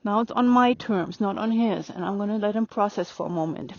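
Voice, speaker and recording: A woman riding a horse and calmly explaining her training as she goes, pausing to speak softly to the horse. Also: medium pitch, no room sound. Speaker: riding instructor. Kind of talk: narrating while riding. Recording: dry, dull lo-fi sound.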